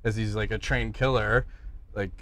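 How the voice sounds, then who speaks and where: A middle-aged man hosting a podcast, telling stories in casual chat, animated and swearing freely as he acts out the people he quotes. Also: fairly low pitch, normal speed. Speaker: podcast host.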